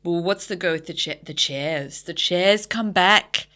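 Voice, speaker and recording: A woman's voice: fairly low pitch, a little slow, bright, forceful tone. A woman with an Australian accent co-hosting a casual book podcast. She is chatty and frank. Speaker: podcast co-host. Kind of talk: casual book-club chat.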